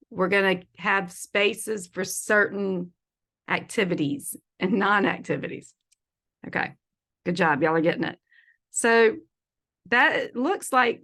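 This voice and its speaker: A woman's voice: lowish voice, pushed and bright. A woman teaching an online feng shui class in a chatty, playful way, laughing often. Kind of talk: casual online presentation. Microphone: video call.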